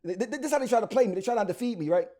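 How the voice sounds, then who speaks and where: Man, Philly accent, rapid speech, high voice, slangy storyteller, lots of restarts. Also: warm tone. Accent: Philadelphia. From Philadelphia. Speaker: rapper guest. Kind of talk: storytelling interview.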